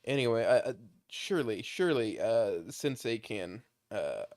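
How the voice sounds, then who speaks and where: A man's voice: mid-range voice, lively intonation, moderate pace, darkish tone, no echo, clean studio sound. A young man reading a game aloud on a live stream, joking and swearing as he chats with viewers.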